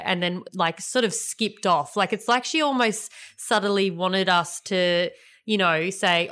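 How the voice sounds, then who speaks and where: Woman host, 30s, casual storyteller; bright, smooth delivery. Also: on the low side, fairly even intonation, unhurried. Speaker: podcast host. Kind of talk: casual chat.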